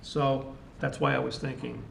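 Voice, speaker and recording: A town councilor in a meeting discussion, talking hesitantly and thinking aloud with many restarts. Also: male voice, medium pitch, level tone, moderate pace, gravelly, reverberant, a little hiss or hum.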